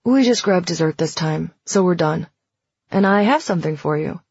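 A woman reading the lines of a teasing, sarcastic young man in an audiobook, in a slightly breathy voice. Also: high voice, expressive, normal speed, darkish tone, dry recording, lo-fi sound, full character voice. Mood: easygoing.

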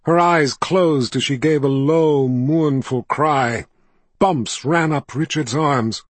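A man narrating a fantasy novel as an audiobook, telling the story in a measured, steady way. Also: fairly high pitch, dry recording.

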